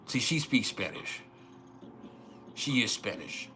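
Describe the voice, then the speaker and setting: A man's voice: medium pitch, lively intonation, takes it slowly, pushed and bright, slight background noise. A man hosting a casual astrology livestream, joking and swearing often and laughing.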